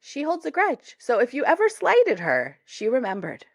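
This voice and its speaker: A woman's voice: high-pitched, moderate pace, no room sound. Woman cohost telling stories, laughs a lot, voice jumps all over, really dry close sound. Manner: animated storyteller, laughs often. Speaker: podcast co-host. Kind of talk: casual chat.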